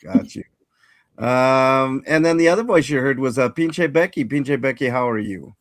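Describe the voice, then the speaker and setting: A man's voice: mid-range voice, moderate pace, no echo, studio quality. Rambling male livestream host. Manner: rambling, greets chat viewers by name. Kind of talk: casual livestream chat.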